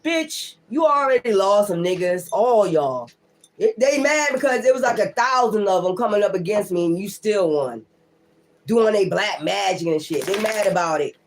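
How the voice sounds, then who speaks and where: A woman's voice: medium pitch, expressive, normal speed, a little hiss or hum. A woman tarot reader holding forth on a casual livestream, blunt and heavy with profanity. She talks with firm emphasis and circles back to the same defiant lines again and again. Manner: defiant, repeats her points.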